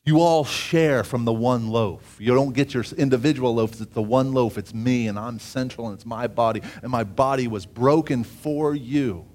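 A man preaching a sermon, reading scripture aloud with asides and often rising in pitch and volume for emphasis. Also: normal speed, few pauses, darkish tone.

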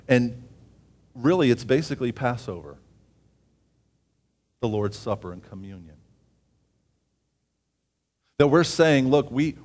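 A man preaching a sermon, reading scripture aloud with asides and often rising in pitch and volume for emphasis.

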